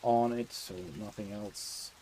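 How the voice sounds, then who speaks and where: A man's voice: on the low side, little pitch movement, slow, noisy background. A Dutch man streaming a video game, chatting casually with his viewers and laughing often. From Netherlands. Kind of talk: casual live-stream chat while playing. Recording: game music behind.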